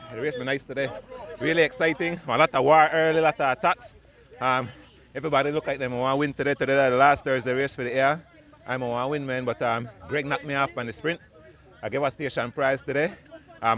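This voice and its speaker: A man's voice: mid-range voice, pushed and bright. A man with a Belizean accent, a cyclist giving a casual, modest post-race interview outdoors. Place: outdoors at a roadside finish line.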